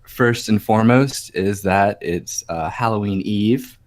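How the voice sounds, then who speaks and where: Young male co-host, lowish voice, jokey and teasing, loose delivery. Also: measured pace. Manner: joking, teasing, rambling. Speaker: livestream co-host. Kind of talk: casual joking chat.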